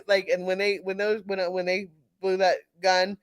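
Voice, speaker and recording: A woman's voice: mid-range voice, clear, resonant tone, no room sound. Middle-aged woman from california telling a story, lots of laughing and false starts, dry mic. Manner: animated, laughs often, halting restarts. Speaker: panel speaker. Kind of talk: casual storytelling chat.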